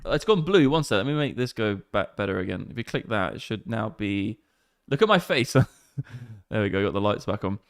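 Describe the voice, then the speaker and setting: A man in his thirties with an English accent, rambling excitedly and swearing often on a casual livestream. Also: on the low side, brisk, no room sound, clean studio sound. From England. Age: 30s. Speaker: crypto streamer.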